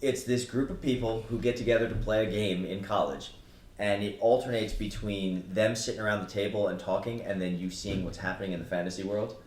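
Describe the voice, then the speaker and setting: A man's voice: lowish voice, brisk. A man telling funny stories in casual chat with friends, laughing often. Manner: animated storyteller, laughing. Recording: echoey room.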